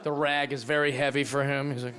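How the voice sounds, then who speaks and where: A male stand-up comedian doing a brash, profane set, slipping into quick character voices. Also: medium pitch, level tone. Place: comedy club stage with live audience. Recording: live club set with loud crowd laughter. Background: audience laughing.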